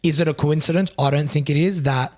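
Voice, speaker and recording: A man in his twenties with a hoarse, raspy voice, co-hosting a podcast in casual chat and talking earnestly, with many fillers and pauses. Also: on the high side, fairly even intonation, darkish tone. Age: 20s. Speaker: podcast co-host.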